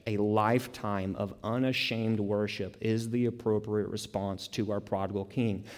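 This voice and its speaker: A man's voice: on the low side, a little mellow. A man preaching a sermon, emphatic, piling up repeated words and rising into bursts. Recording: long hall reverb.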